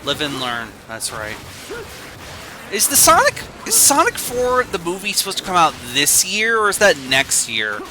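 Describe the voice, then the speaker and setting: A man's voice: high voice, huge pitch swings, normal speed, background noise. A man streaming a game, chatting casually in a rambling, goofy way that keeps interrupting itself. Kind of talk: casual gaming commentary.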